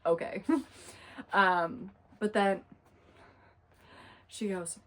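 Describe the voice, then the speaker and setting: A young woman recapping a book in a casual, chatty way, full of fillers and quick asides. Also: medium pitch, animated. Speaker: book reviewer.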